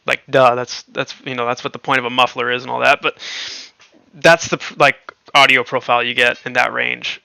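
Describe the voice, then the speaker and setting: A man's voice: mid-range voice, flat delivery, a little fast, creaky, sharp tone, clean tone, no room sound. A man hosting a livestream, chatting casually and rambling with lots of fillers and frequent laughs. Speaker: livestream host.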